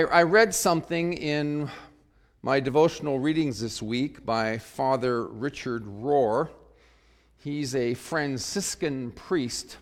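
A pastor delivering a sermon and leading a prayer, earnest and reflective, rising to sudden emphasis on key phrases. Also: male voice, mid-range voice. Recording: long reverb of a large hall.

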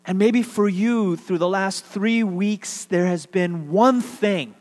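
Speaking slowly in a high, slightly mellow voice, a pastor from Texas gives a conversational sermon and gets his congregation going in call-and-response. The recording is from a church sanctuary with a reverberant, hall-like sound.

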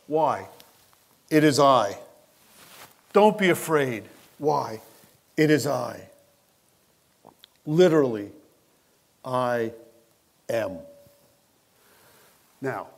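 A male pastor preaching a sermon at an unhurried, deliberate pace. His voice sits a little higher than most men's, and his delivery is expressive and animated as he puts questions straight to the congregation. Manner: asks the listeners questions directly.

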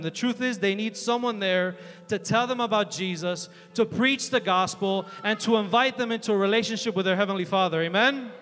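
A man preaches to young people in a big hall, energetic and chatty, his stories full of fillers. His voice sits high and sounds bright and forceful. It rings with a long hall reverb over faint music. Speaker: youth preacher. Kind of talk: sermon. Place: large hall with an audience.

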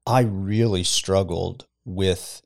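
Brief: middle-aged male pastor guest, lowish voice, thoughtful and storytelling with light chuckles, podcast studio. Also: steady tone, takes it slowly, gravelly. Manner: reflective, chuckles while telling stories. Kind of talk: casual podcast conversation.

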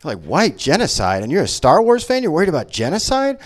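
A man's voice: on the high side, huge pitch swings, brisk. A man doing a stand-up comedy set, ranting sarcastically with lots of swearing. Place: comedy venue.

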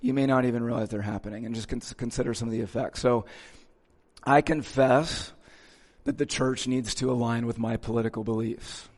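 Male pastor, relaxed sermon style, average pitch, long reverb of a big sanctuary. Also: fast, few pauses. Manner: casual, checks in with listeners. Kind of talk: conversational sermon.

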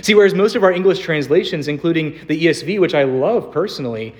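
A young man preaching a sermon in a church, earnest, slowing down to stress quoted scripture. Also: a little high, animated. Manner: earnest, varied emphasis, slows on quoted scripture. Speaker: pastor. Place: church sanctuary.

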